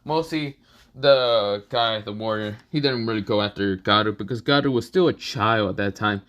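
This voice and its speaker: Young male storyteller, casual and rambling, bright tone. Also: fairly low pitch, normal speed, lo-fi sound. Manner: rambling, with many fillers. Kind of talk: casual fan story narration.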